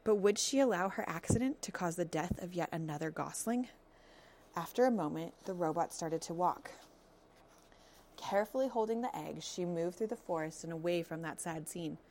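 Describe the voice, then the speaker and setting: A woman's voice: on the low side, moderate pace, a little mellow. Woman reading a storybook aloud. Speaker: narrator. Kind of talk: reading a children's novel aloud.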